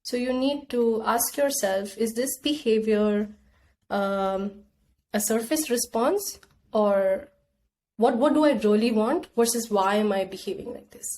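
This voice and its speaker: A woman's voice: a little high, unhurried, darkish tone. A young woman guest on a podcast, talking things through in a casual, reflective way and acting out her own inner voice. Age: young adult. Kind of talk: casual conversation.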